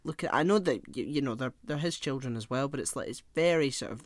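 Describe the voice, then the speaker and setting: A man's voice: medium pitch, fast, no echo. A man co-hosting a podcast, chatting casually about a film with blunt, sweary remarks and lots of restarts. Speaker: podcast co-host.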